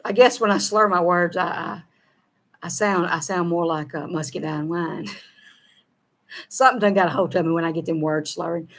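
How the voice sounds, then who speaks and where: A middle-aged woman from the American South reads viewer comments as a co-host, her talk casual and folksy, full of laughter and run-together words. Her voice is lowish, with fairly even intonation, at a normal speed.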